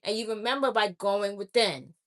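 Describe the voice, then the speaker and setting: Bright, blunt woman giving a spiritual pep talk. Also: mid-range voice, moderate pace. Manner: blunt preachy admonishing, repeats phrases. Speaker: spiritual oracle reader. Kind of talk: direct-to-camera spiritual message.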